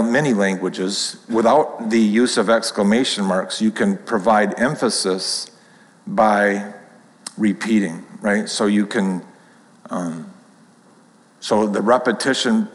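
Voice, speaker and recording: A man's voice: lowish voice, in a large hall, rough recording. A man teaching a Bible class, reading scripture aloud with rising emphasis and asking the group questions.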